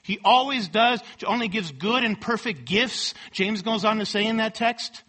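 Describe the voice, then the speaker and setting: A man preaching a sermon, quoting scripture with emphatic rising force and dropping low at the ends of thoughts. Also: normal speed, pushed and bright.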